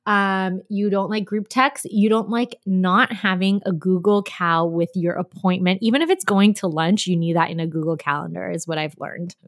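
A woman's voice: on the low side, moderate pace, few pauses, no echo, studio quality. A young woman co-hosting a casual chat podcast, rambling with lots of "like" fillers and acting out what people said. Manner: rambling, filler-heavy, acts out quoted lines. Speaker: podcast co-host.

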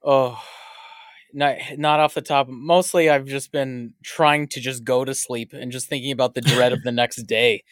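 A man's voice: medium pitch, fairly even intonation, moderate pace. A man co-hosting a podcast in casual chat, answering with dry jokes. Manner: dry, joking reactions. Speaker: podcast co-host.

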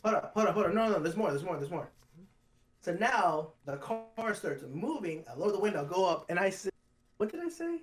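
A man's voice: brisk, soft background music. A young man, a podcast co-host, telling a story in casual chat and acting out the quotes. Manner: animated storyteller, acts out quotes in high voice.

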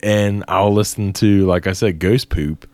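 A man's voice: lowish voice, fairly even intonation, a little slow, a little mellow, dry recording. A man co-hosting and editing a podcast, chatting casually, swearing freely and laughing a lot. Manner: laid-back, profane, laughs often. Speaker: podcast co-host and editor. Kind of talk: casual chat.

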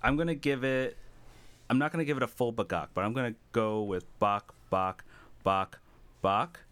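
A man's voice: medium pitch, expressive, a little fast, a bit bright, dry recording. A man hosting a podcast, playful and teasing in casual chat. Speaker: podcast host.

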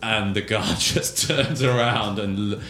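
A man's voice: on the low side, a little slow, loud music behind the voice. A man narrating a tabletop game as game master, laid-back and rambling. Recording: roomy echo.

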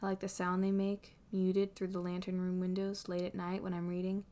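A woman's voice: lowish voice, monotone, moderate pace, dark tone, lightly acted. A woman voicing an earnest young man who bursts into emphatic exasperation, read from a fan story. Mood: wistful. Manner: emphatic, rising to exasperated outbursts.

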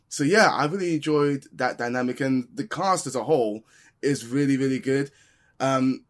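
A man reviewing a film in easygoing casual chat, with lots of ums. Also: medium pitch.

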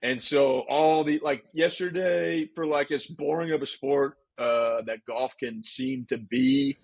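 A man's voice: mid-range voice, fairly even intonation, a little slow, vocal fry, slightly rough, no room sound, highs cut off. A man co-hosting a podcast, telling stories in a laid-back, chatty way. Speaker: podcast co-host. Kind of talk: casual chat.

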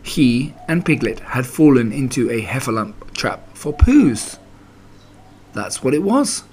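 A man reads a children's story aloud with an expressive, animated delivery. His voice sits in a middle pitch but moves around a great deal, rising and falling as he tells the story. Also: unhurried, slight background noise.

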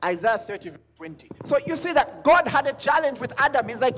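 High-voiced preacher man, emphatic. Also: big pitch swings, a little fast, a bit bright. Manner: emphatic, repeats lines, sings scripture. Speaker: pastor. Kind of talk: sermon.

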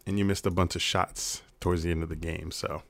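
A laid-back man with a low voice, chatting casually about basketball as a podcast co-host. He swears freely and laughs a lot. The sound is dry and close. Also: little pitch movement, a little fast, creaky, a bit bright, no echo. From Florida. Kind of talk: casual sports chat.

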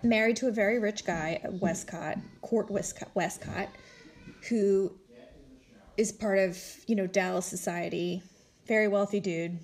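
A woman casually recapping a reality show, chatty and animated, acting out what people said in exaggerated voices. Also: mid-range voice, measured pace. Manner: animated storytelling, acts out quotes in exaggerated voices; chatty, heavy use of "like" and "you know". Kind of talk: casual chat.

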